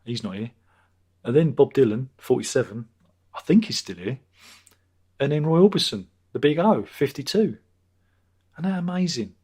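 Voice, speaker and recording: A man's voice: medium pitch, expressive, normal speed, pauses often, a little mellow, slightly rough. Rambling, jokey man in his fifties. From Britain. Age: 50s. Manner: rambling, jokey, crude asides, many repetitions. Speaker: livestream host. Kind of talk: casual live-stream chat, reading out viewer comments.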